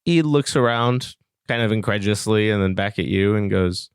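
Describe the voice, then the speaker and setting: Low-voiced game master narrating. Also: male voice, normal speed, clean tone, no room sound, studio quality. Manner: laughs between lines, playful narration.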